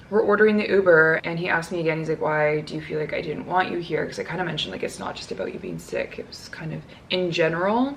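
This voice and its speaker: A woman's voice: deep voice, slight background noise. A young woman telling a personal story in a casual vlog, chatty and full of "like". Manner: chatty, heavy use of "like", quotes others in her own voice.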